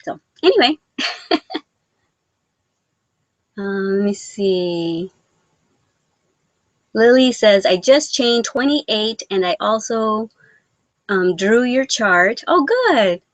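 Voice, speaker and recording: A woman's voice: medium pitch, expressive, very slow, pauses often, no room sound. A woman hosting a casual live-stream chat, reading viewer comments aloud, chatty and rambling, laughing often. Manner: rambling with many restarts and fillers.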